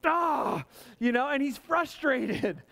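A male pastor delivers a sermon in a lively, conversational way. He keeps calling out for amens from the congregation, and he acts out complaints in a higher, more strained voice. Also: takes it slowly, gravelly.

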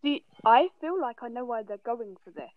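A woman's voice: fairly high pitch, lively intonation, moderate pace. A woman giving hesitant, chatty opinions over an online call. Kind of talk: casual chat. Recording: dull lo-fi call audio.

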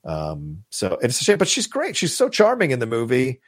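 A man's voice: mid-range voice, huge pitch swings, normal speed, no echo, clean studio sound. A man co-hosting a casual podcast, rambling enthusiastically about movies and swearing now and then. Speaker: podcast co-host.

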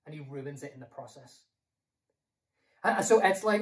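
A man's voice: a little high, animated, normal speed, pauses often, recorded from a distance, rough recording. A British man preaching a sermon in a conversational way, asking rhetorical questions and repeating himself.

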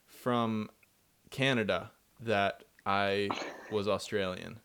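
A man's voice: lowish voice, fairly even intonation, slow, vocal fry, a bit bright, clean tone. A man chatting on a casual podcast, playful and rambling, often interrupting himself. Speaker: podcast co-host.

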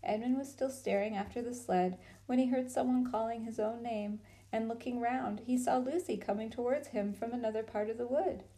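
A woman narrating a storybook aloud in a calm, measured way. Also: on the high side, rough recording.

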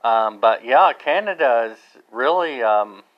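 A man's voice: mid-range voice, expressive, measured pace, dull audio. An American man hosting his own podcast, talking in a rambling, casual monologue full of fillers and restarts. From United States. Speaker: podcast host.

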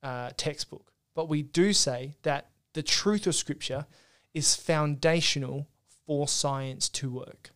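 A man's voice: fairly high pitch, slow, few pauses, a bit bright, clear, resonant tone. A man co-hosting a podcast, earnestly explaining theology in casual discussion with frequent restarts. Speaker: podcast co-host.

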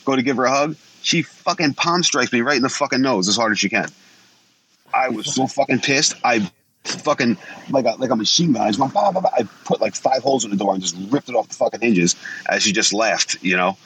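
Blunt and brisk, a guest in his forties spins casual, profane stories, often swearing and acting out what people said. His mid-range voice has a sharp tone. The audio is poor, with slight background noise.

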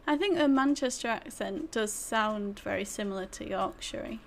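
A woman from England in casual chat, teasing and quick to react. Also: mid-range voice.

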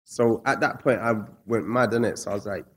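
A man with a fairly low voice talks through his story in a relaxed, slangy way. He turns reflective when drawing lessons from it, then livens up when he acts out scenes. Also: a little fast, breathy edge. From England. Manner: slangy, reflective, animated when retelling stories. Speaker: guest. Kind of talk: casual storytelling interview.

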